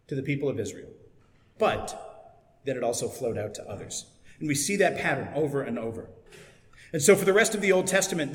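A man preaching a sermon in a conversational, explanatory way. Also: on the high side. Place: church. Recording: echoey church with long reverb.

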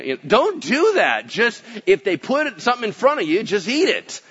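A man's voice: sits high, normal speed, husky, lo-fi sound. A man preaching a sermon as pastor, acting out little voices and asides as he goes. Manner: animated, acts out voices and asides.

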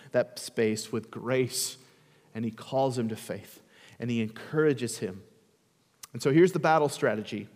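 A pastor preaches a sermon conversationally, often posing questions to the congregation. His voice is mid-range with a darkish tone, and it carries the sound of a big room.

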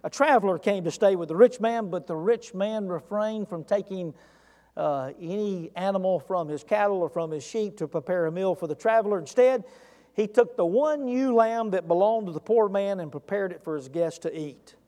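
A man's voice: sits high, moderate pace, dark tone, in a large hall. A man preaching a sermon as pastor of a church, talking earnestly and putting direct questions to the congregation.

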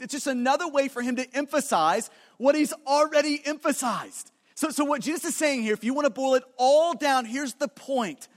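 A man's voice: very high-pitched, moderate pace, long reverb tail. A man preaching a sermon as pastor, emphatic and repetitive, often restarting his phrases.

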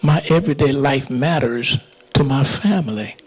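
A man preaching and praying to a church congregation in a fervent manner, at times dropping into hushed whispers and speaking in tongues. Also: mid-range voice, moderate pace, slightly rough, faint music behind, poor audio. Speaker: pastor. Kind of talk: sermon with closing prayer. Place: church sanctuary.

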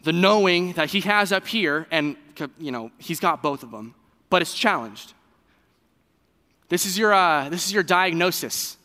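A man preaching a sermon in a conversational, animated way, with fillers and restarts. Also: sits high, measured pace, in a large hall. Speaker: pastor.

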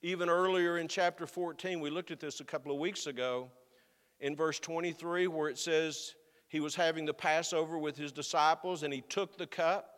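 Male pastor, fairly high voice, earnest sermon, slows for emphasis, church hall reverb. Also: steady tone, a bit bright. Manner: earnest, building to slow emphatic stresses.

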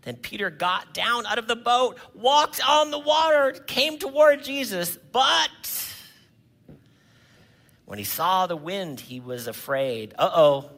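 Bright, high-voiced preaching man. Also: animated, takes it slowly, vocal fry. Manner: preaches with dramatic swings between loud cries and hushed lines; asks the congregation questions. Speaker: pastor. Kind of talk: sermon.

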